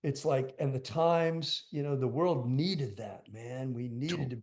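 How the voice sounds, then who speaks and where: An older man, a guest drummer, speaks slowly in a mid-range, darkish voice. In a casual interview, he tells stories in a rambling, emphatic way, full of fillers.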